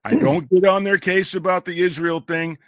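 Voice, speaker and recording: A man speaks in a measured, conversational way as a caller to a faith talk show. His voice is fairly high and sits close and dry on the recording. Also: steady tone, fairly bright tone, no echo. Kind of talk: casual chat.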